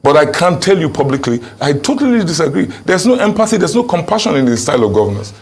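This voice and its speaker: A man's voice: fairly high pitch, sing-song, fast, breathy edge. A Nigerian man speaking as a political candidate, answering questions in an emphatic, insistent way. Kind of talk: interview answers.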